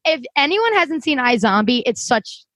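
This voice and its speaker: A young woman co-hosting a casual podcast, excitable and gushing, swearing freely. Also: sits high, normal speed, no room sound. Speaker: podcast co-host.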